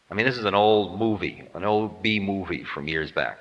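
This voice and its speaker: A man's voice: deep voice, moderate pace, hardly any pauses, a bit bright, big-room sound, muffled recording. A man giving a spiritual lecture with playful, self-mocking humor, acting out voices as he tells stories. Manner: acts out quoted voices. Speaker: spiritual teacher.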